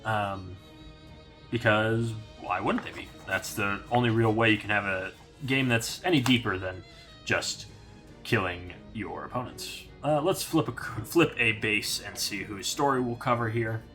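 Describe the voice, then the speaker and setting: A man's voice: lowish voice, a little slow, faint music behind. A young man giving a casual, rambling unboxing review of a hobby magazine, with plenty of fillers. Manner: relaxed, rambling with many fillers.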